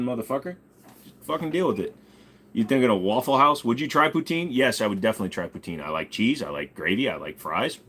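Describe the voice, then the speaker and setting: A man's voice: mid-range voice, lively intonation, quick pace, a bit bright, slight background noise. A man hosting a casual ask-me-anything livestream, joking, swearing and reading chat while bidding on items. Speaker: streamer host.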